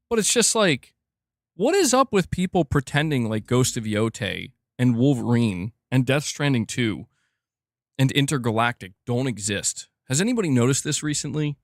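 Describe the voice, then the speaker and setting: Very animated and mid-range in pitch, a man delivers casual gaming news commentary at a moderate pace on his livestream. The recording is dry with clean studio sound. Chatty throughout, he reads donations out loud and talks straight to his viewers in chat.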